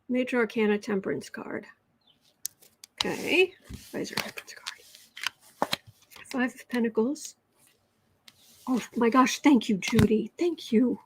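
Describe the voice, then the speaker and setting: A woman with an American accent chats slowly through a tarot livestream. Her voice sits a little high, and she sometimes falls into a soft whisper while she reads comments aloud. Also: lively intonation, a little hiss or hum. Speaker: tarot reader and livestream host. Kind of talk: casual livestream chat with tarot reading.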